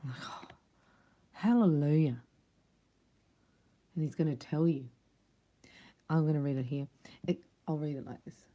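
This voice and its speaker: A woman's voice: sits low, fairly even intonation, normal speed, long pauses, muffled recording. A woman giving a casual spiritual card reading, chatty and emphatic, acting out little dialogues. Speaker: psychic card reader.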